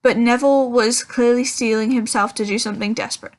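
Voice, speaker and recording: A woman's voice: fairly high pitch, steady tone, fairly quick. A woman reading a children's novel aloud, with frequent ums and self-corrections. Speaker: audiobook reader.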